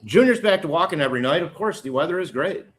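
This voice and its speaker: Lively-voiced man hosting a rambling livestream. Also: a little high, quick pace. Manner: rambling, candid, joking asides. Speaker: livestream host. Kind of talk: casual live chat with viewers.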